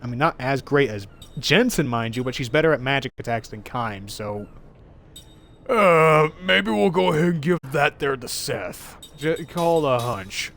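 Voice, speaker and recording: A man streaming a video game live, talking to his chat in an excitable way and swearing often. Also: medium pitch, a little slow, gravelly. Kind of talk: live-streamed gameplay commentary.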